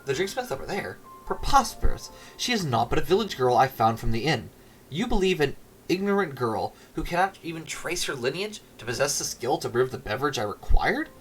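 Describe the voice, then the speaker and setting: A man's voice: on the high side, sing-song, brisk, fairly bright tone, faint music behind, rough recording. A man reading a pompous noble lord in a game aloud, in a haughty, grandiose manner.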